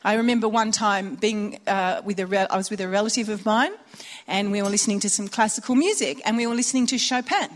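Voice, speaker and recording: A woman giving an informal sermon to mothers, chatty and animated, telling stories with acted-out dialogue. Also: medium pitch, fast talker. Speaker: speaker at a Christian women's or mothers' gathering. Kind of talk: informal sermon with personal anecdotes.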